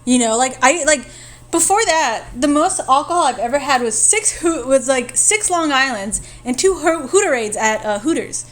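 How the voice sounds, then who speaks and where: A woman's voice: high-pitched, lively intonation, normal speed, soft background music. Laughing, swearing young woman. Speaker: podcast co-host. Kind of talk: casual chat.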